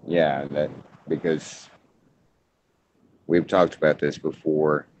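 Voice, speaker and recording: A man hosting a casual wrestling podcast, talking in halting bursts with frequent restarts. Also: rumbling low, flat delivery, darkish tone, slight background noise. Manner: halting, restarts often, hedges before points. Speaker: podcast host. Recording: muffled lo-fi podcast audio.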